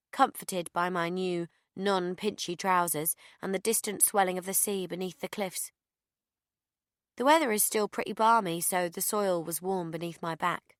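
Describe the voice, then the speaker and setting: A woman reading a first-person audiobook in a deadpan, sardonic manner. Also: fairly low pitch, dry recording, studio quality. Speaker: audiobook narrator.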